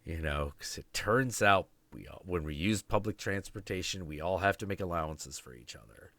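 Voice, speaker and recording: A man in his twenties with a low, deep voice that still has a bright, forceful edge. He rants through a story with casual profanity, recorded dry and close. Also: normal speed, no room sound. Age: 20s. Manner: profane, ranting, confrontational. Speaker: podcast host.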